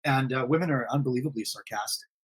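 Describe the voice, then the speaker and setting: Husky man rambling in casual chat. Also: mid-range voice, quick pace. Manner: rambling, repeats himself, frequent fillers. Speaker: forum admin guest. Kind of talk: casual live-stream conversation.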